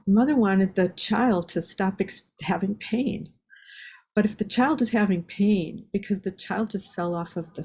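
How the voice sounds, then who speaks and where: An older woman who researches psychiatry speaks in a lowish, slightly mellow, husky voice as an interview guest. Her answers are reflective and explanatory, and she acts out parents' words.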